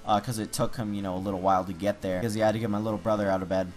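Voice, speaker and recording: A man's voice: fairly low pitch, flat delivery, very fast, a little mellow. A teenage man telling a personal story in a casual, rambling way, full of fillers and restarts. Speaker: YouTuber.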